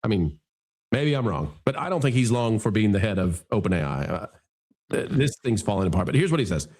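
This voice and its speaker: A man's voice: medium pitch, fairly quick. A man hosting a casual commentary podcast, reading quotes aloud and reacting to them. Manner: animated, reads quotes aloud. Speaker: podcast host.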